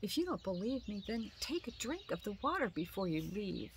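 A woman's voice: mid-range voice, very animated, moderate pace, a little hiss or hum. A woman voicing a sad young male vulture creature in a storybook, wailing and pleading in a half-whispered, raised voice. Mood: urgent.

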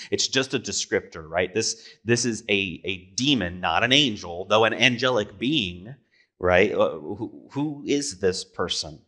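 A man's voice: fairly low pitch, pushed and bright. A man preaching a sermon as pastor, conversational, asking rhetorical questions and correcting himself.

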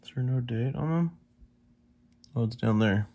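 A man's voice: medium pitch, a little slow, dark tone. A young man with a mid-range voice chats casually to his audience. He is easily impressed and keeps turning to his viewers with questions and exclamations. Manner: chatty, easily amazed, talks to viewers directly. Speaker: coin collecting vlogger. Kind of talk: casual unboxing chat to viewers.

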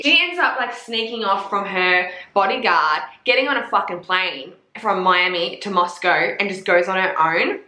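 A woman's voice: medium pitch, normal speed, few pauses, pushed and bright. A young woman reviewing books in a casual chat, gushing and swearing a lot, with plenty of "like" fillers. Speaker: book reviewer. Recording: echoey room.

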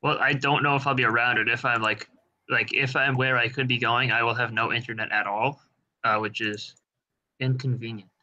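A man's voice: mid-range voice, fairly even intonation, moderate pace, pushed and bright, lo-fi sound. A man hosting a live stream, chatting casually with a dry, teasing manner.

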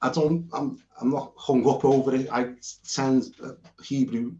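This earnest British man teaches the Bible informally, pointing to on-screen notes and often restarting sentences as he rambles. His medium-pitched voice is steady and a little dark, at normal speed, captured in roomy, dull lo-fi sound.

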